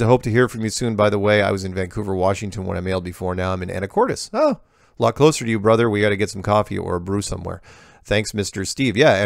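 A man's voice: low voice, creaky, no echo, clean studio sound. A man hosting a show, reading viewer emails aloud and answering them in a casual, digressive way, often breaking off to comment.

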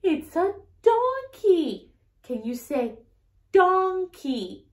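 A woman hosting a toddler lesson in a very high, bouncing sing-song voice full of gasps and lavish praise. She speaks slowly and clearly, and the sound carries an echoey room. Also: sing-song. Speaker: toddler teacher and show host. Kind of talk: toddler learning video.

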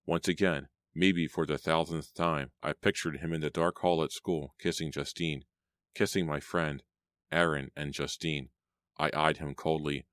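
Very deep-voiced male audiobook narrator. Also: a bit bright, dry recording, clean studio sound. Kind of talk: scripted storybook narration.

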